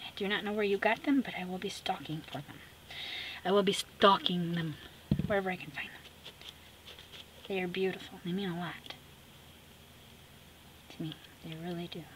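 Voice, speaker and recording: A woman vlogging as she makes an art collage. She chats casually and sassily, talks to herself as she works, and often drops into soft whispers. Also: on the low side, fairly quick, pauses often. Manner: chatty, drifting into soft whispers; sassy, talks to herself while working. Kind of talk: casual chat while crafting. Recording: steady background noise with clicks.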